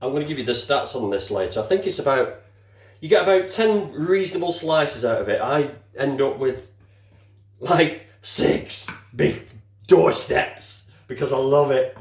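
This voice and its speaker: With a darkish voice on the high side, an older home cook chats casually through a cooking demonstration in his home kitchen, muttering and mildly swearing while he works. The kitchen sound is echoey, and dishes and utensils clink in the background.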